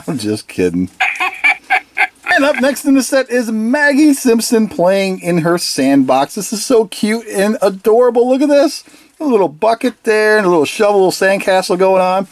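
A toy reviewer in a casual video review who giggles often, sounds excited, and playfully copies the toys' catchphrases. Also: medium pitch, normal speed, slight background noise. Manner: giggly and enthusiastic, laughs often.

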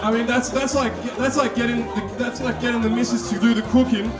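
A man's voice: very high voice, fairly even intonation, brisk, music in the background. A man performing an edgy stand-up set on stage. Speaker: stand-up comedian. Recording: distant echoey stage mic, crowd.

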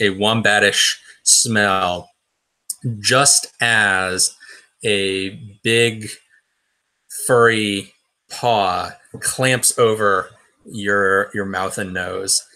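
Slow, bright-voiced man as game master. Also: fairly low pitch, steady tone. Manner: hesitant, with many fillers and restarts. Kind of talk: narrating a tabletop role-playing game.

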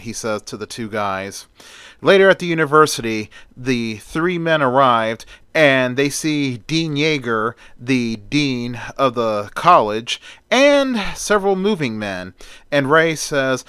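A man's voice: mid-range voice, a little slow, bright, forceful tone, smooth, dry recording. A man retelling a film story in a plain, conversational way.

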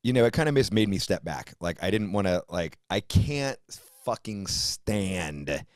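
Middle-aged male host, very deep dry voice, profane and animated. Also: a little slow, no echo. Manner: profane, animated, mimics people in put-on voices. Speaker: podcast host. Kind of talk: casual conversation.

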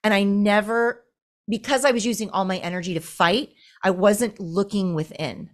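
A woman's voice: mid-range voice, steady tone, moderate pace. Blunt, candid woman guest. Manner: candid and blunt, casual swearing. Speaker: podcast guest. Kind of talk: casual interview chat.

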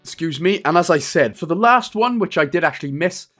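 A man in his thirties narrating a game walkthrough in a casual, rambling, joking way, his voice going a little hoarse. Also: a little high, lively intonation, fairly quick, a bit bright, faint music behind. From Wales. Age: 30s. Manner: jokey, rambling, self-deprecating asides. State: losing his voice a bit. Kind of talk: casual gameplay walkthrough commentary.

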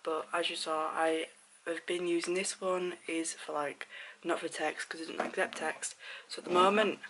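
A woman chatting casually in a vlog at home, croaky with her morning voice, rambling and often talking in a hushed half-whisper. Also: on the low side, fairly even intonation, normal speed, slight background noise, rough recording. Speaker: vlogger. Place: at home, indoors.

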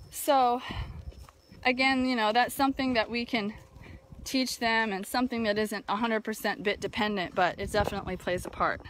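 Woman talking casually outdoors in wind. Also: fairly high pitch. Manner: thoughtful, many fillers and restarts. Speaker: barrel racing trainer hosting a live video. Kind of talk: casual live video chat. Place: outdoors near a barn, breezy. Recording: faint wind noise outdoors. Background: wind noise.

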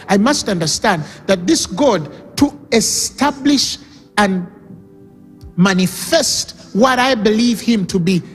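Emphatic high-voiced male preacher. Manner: emphatic, repeats key phrases, calls for audience response. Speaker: pastor. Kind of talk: sermon. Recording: reverberant hall with music underneath.

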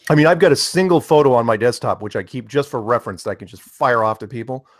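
A middle-aged man with a mid-pitched voice joins a casual online chat as a guest. The sound is close and dry, and he talks in a wry, teasing way, tossing in deadpan jokes. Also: fast, no echo. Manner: joking, dry teasing quips.

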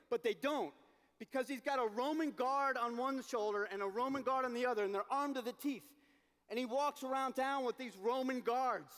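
A man telling a story as a dramatic sermon at a youth event, acting it out and shouting at the peaks. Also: very high-pitched. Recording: long hall reverb.

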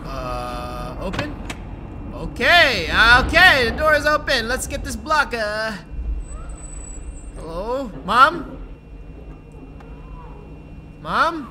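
A man giving let's-play commentary on a horror game, excitable and yelping when startled. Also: very high voice, slow, long pauses, a little hiss or hum. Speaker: gaming YouTuber.

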